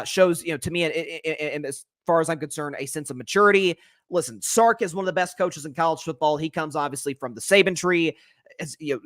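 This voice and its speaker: A young man runs his own sports podcast. He talks in an energetic, opinionated way, full of fillers and self-corrections. The sound is dry and close, with no room echo. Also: fairly high pitch. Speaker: podcast host. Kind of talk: solo sports commentary podcast.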